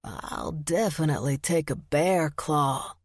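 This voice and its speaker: A woman voicing a charming, flirty southern gentleman with a deep voice and a slow, teasing drawl. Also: animated, dry recording, studio quality, full character voice. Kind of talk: audiobook narration.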